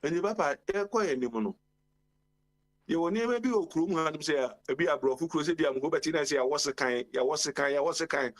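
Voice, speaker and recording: A man's voice: fairly high pitch, fast. A man speaking as a guest on a radio talk show, giving a long rambling monologue full of exclamations. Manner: rambling, exclamatory, often calls out "Papa".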